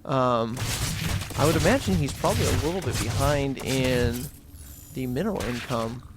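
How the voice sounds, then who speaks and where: A man doing quick, excitable play-by-play commentary on a strategy game match. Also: medium pitch, very noisy. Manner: quick, excitable, rises on big plays. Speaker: esports caster.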